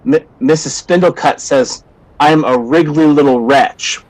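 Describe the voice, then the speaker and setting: A man voicing a timid boy, hesitant, stammering, lower than his own high voice. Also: measured pace, a little mellow, natural voice, rough recording. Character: timid young boy who doubts himself.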